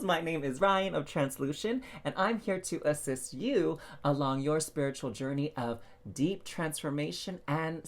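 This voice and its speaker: Spiritual coach, male, animated talk, very expressive pitch, leans on rhetorical questions. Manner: animated, drawn-out emphasis on key words; addresses viewers directly with rhetorical questions. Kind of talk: casual spiritual self-help talk.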